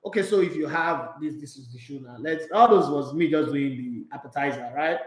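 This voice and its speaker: Nigerian guy ranting about football, high voice, echoey room, gets loud and laughs a lot. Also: brisk. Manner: excitable, laughing, mixes in pidgin. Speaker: sports show host. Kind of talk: animated sports talk monologue.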